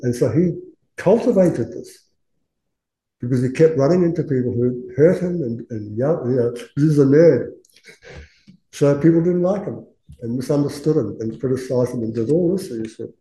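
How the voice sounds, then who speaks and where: Male Dharma teacher, casual and chatty, dark timbre, recorded in a reverberant room. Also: medium pitch. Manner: chatty, laughing, acts out quoted voices. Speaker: Buddhist teacher. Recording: roomy echo.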